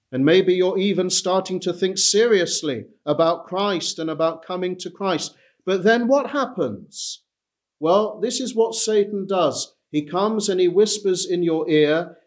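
Slow high-ish guy preaching, says everything twice for emphasis. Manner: emphatic, repeats key phrases. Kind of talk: sermon.

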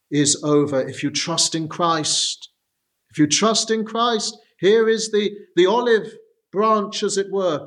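Male preacher, higher-leaning voice, careful verse-by-verse sermon delivery. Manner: measured, reads verses aloud then explains with frequent "uh" pauses. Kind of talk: expository sermon.

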